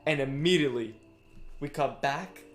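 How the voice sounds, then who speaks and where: Chatty, animated young-sounding man. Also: a little high, normal speed, soft background music. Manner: animated, filler-heavy, acts out quotes. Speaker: stream host. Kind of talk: casual chat about a manga chapter.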